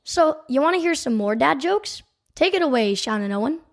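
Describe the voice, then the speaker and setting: A woman's voice: high voice, lively intonation, normal speed. A woman hosting a podcast in a playful, joking way. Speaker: podcast host.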